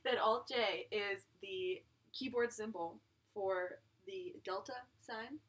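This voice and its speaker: A woman's voice: medium pitch, slow pace, fairly bright tone. A woman co-hosting a podcast, chatting casually and rambling, laughing often between thoughts. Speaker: podcast co-host.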